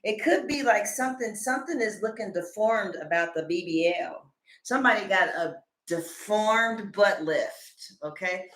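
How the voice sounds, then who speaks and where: A woman doing a casual tarot reading to camera, animated and joking, laughing often and slipping into comic voices. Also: medium pitch, normal speed, reverberant. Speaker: tarot reader.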